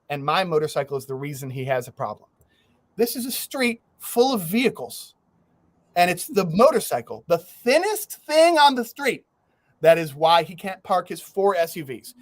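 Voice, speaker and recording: Brief: male podcast host, younger adult, lively storyteller with a slightly raised pitch, dry close mic. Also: no echo. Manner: animated, laughs through his stories, swears freely. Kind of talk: casual storytelling chat.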